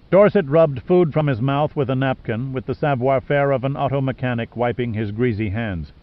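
A man reading an audiobook in steady scripted narration. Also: mid-range voice, moderate pace, hardly any pauses, muffled recording.

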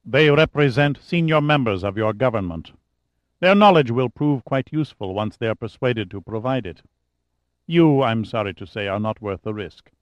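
Brief: narrator doing a cold, detached male agent, low-key menace, dry dull audiobook recording. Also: expressive, normal speed, no room sound, natural voice. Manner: cold, disinterested.

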